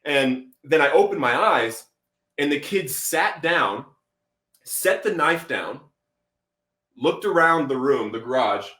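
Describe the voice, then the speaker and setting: A man with a slightly high voice tells his story as a podcast guest. He is animated and acts out what people said. He drops "bro" between phrases, and the room echoes around him. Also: slow, long pauses. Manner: animated, acts out quotes, says "bro" often. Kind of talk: storytelling testimony.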